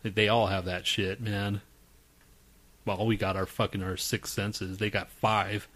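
A man's voice: lowish voice, flat delivery, unhurried, fairly bright tone. A man co-hosting a podcast, chatting in a crude, profane and irritable way. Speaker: podcast co-host. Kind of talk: crude casual banter.

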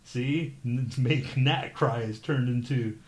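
A man's voice: medium pitch, slow pace, husky. A man co-hosting a podcast in crude casual banter, swearing and laughing often as he teases. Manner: profane, teasing, laughs often. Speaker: podcast co-host.

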